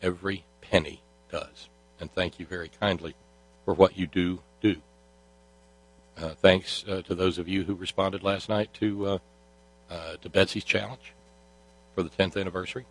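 A man's voice: deep voice, fairly even intonation, moderate pace, pauses often, fairly bright tone, slightly rough. A man hosting a talk show, delivering a sardonic monologue full of fillers and restarts. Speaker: host.

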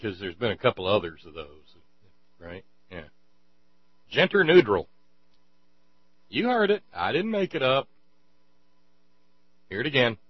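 A man's voice: fairly low pitch, big pitch swings, moderate pace, pauses often, slightly rough, dry recording, lo-fi sound. A man giving sarcastic, rambling commentary on sermon clips, stumbling over restarts as he mocks them. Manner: mocking, rambling, stuttering restarts.

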